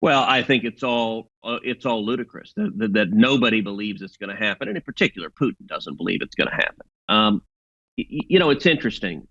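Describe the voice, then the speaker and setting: A man's voice: fairly low pitch, expressive, a little fast, pushed and bright, highs cut off. A man giving assertive political commentary, arguing his point and repeating words as he starts sentences.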